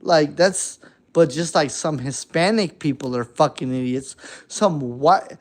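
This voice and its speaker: A man giving a heated, profane late-night rant, swinging between shouting and muttering. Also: a little high, measured pace. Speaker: vlogger.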